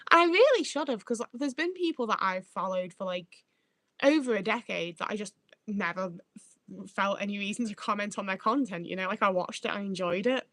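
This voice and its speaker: A woman chats casually to her livestream audience, sweary and meandering, often stopping to find her words. Her voice sits at an ordinary middle pitch, and the sound is close and dry with no room echo. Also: lively intonation, a little fast, fairly bright tone. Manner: rambling, sweary, self-interrupting. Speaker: livestream host. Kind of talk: casual live-chat rambling.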